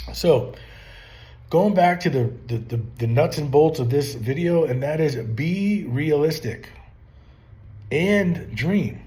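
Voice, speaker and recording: A man's voice: medium pitch, dark tone. A middle-aged man talking casually to camera, rambling and full of rhetorical questions. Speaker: channel host giving business advice. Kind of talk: casual advice monologue.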